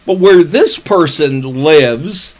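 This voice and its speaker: Profane rambling man, lively pitch. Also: slow. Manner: profane, rambling storytelling with restarts. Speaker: podcast co-host. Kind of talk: casual chat.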